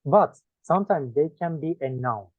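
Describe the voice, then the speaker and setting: Male Turkish-accented English tutor, lively pitch, dry close sound, drills words one by one. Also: dry recording. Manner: listing words one by one with pauses. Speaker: English teacher. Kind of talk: one-on-one lesson. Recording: dry tinny phone-like sound.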